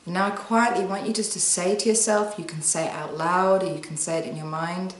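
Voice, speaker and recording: A woman talking to camera as a wellbeing coach, giving calm, soothing step-by-step instructions and guiding the listener through breathing. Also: on the low side, brisk, hardly any pauses. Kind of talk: guided self-help talk to camera. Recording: echoey room.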